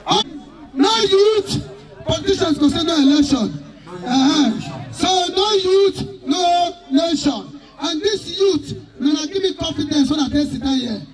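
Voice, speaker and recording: A Nigerian man emceeing a wedding, his voice pitched very high for a man. He tells jokes and stories and breaks into shouts, with the chatter of a big wedding crowd all around him. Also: lively intonation, moderate pace, rough recording. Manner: joking, storytelling, bursts of shouting. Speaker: wedding master of ceremonies. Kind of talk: live event emceeing to a crowd. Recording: loud wedding crowd behind.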